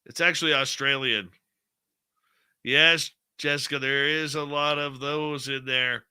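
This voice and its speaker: A man's voice: medium pitch, fairly even intonation, measured pace, pushed and bright, clear, resonant tone. A man from Canada hosting a radio show, reciting a bawdy comic song in a rowdy mock accent and then chatting.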